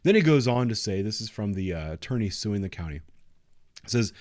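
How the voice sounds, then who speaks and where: A man's voice: fairly low pitch, very animated, brisk, darkish tone, dry recording, studio quality. A man in his thirties, a patrol officer, giving blunt, sarcastic and profane casual commentary. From United States.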